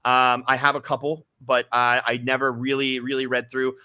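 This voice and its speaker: A man's voice: medium pitch, flat delivery, normal speed, sharp tone, clean tone, no room sound, clean studio sound. A man being interviewed about his writing, talking casually with many fillers and restarts. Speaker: guest author.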